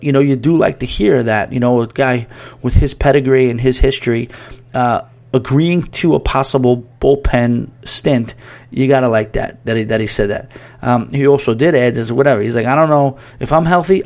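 A man hosting a casual podcast, talking loosely and at length. He rambles, breaks off mid-sentence and starts over, and reads listener emails aloud. His pitch sits right in the middle for a man. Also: darkish tone. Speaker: podcast host. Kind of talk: casual sports talk.

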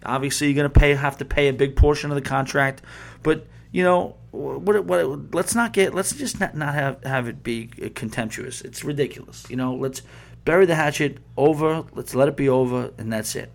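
A man's voice: on the high side, normal speed, vocal fry. Heated, profane man ranting on a podcast. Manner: heated, profane, rambling with restarts. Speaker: podcast host. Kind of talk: casual sports podcast rant.

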